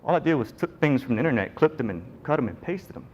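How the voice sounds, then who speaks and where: Speaking quickly in a medium-pitched voice, a middle-aged man tells his story at a conference as a nurse entrepreneur. He's animated and jokey, acting out voices whenever he quotes people.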